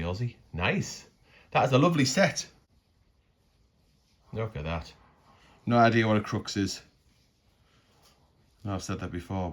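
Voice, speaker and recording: A man musing aloud in a casual unboxing commentary, chatty and tripping over words. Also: low voice. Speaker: coin collecting vlogger.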